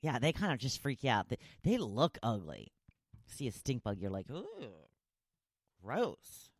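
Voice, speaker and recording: A woman's voice: very deep voice, sing-song, normal speed, no room sound, clean studio sound. A woman hosting a podcast, chatting casually and opinionated as she reads out listener replies. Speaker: podcast host. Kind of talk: casual solo chat reading listener replies.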